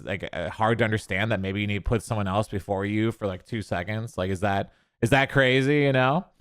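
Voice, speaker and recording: A man's voice: fairly low pitch, fairly bright tone, dry recording, studio quality. A man ranting on a streamed commentary show in a sarcastic, angry, profane way.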